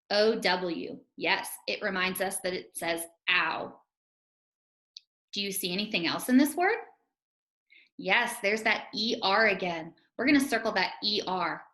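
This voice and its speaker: A woman teacher leads young children through a phonics lesson, her voice bright and clear. She speaks slowly and encouragingly, sounding out each letter. The recording carries a roomy echo. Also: medium pitch.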